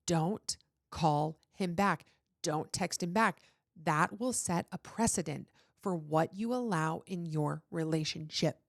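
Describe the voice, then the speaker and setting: A woman's voice: on the low side, no room sound, studio quality. A young adult woman hosting a podcast, giving earnest, pleading relationship advice in casual chat, full of "like" fillers, with a runny nose. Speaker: podcast host.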